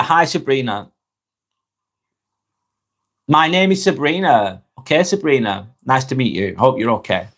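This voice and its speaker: A relaxed man with a Lancashire accent, chatting live to viewers in a mid-range voice. He reads their comments out and replies in a friendly, unhurried way. His sentences often trail off softly at the end. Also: mid-range voice. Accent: Northern English, Lancashire. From Northwest England. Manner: laid-back and friendly, trails off quietly at phrase ends, stumbles over words. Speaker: vlogger hosting a live stream.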